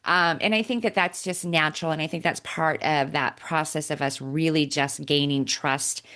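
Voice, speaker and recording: Low-voiced woman hosting a podcast. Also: steady tone, moderate pace, fairly bright tone. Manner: reflective, affirming with frequent "right?". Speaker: podcast host. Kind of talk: casual interview chat.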